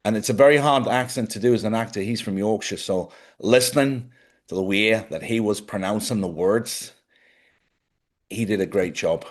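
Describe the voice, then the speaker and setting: A man's voice: fairly low pitch, moderate pace. A man hosting his own live show, talking casually and jokily, rambling from one topic to the next and sounding sleepy. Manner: jokey, chatty, wanders off topic. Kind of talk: rambling casual livestream chat. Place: small studio.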